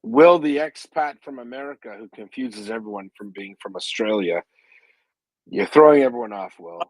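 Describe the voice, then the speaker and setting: A man's voice: mid-range voice, animated, normal speed, no echo, poor audio. A man with a Canadian accent hosting a casual live audio chat, teasing and sarcastic. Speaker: host.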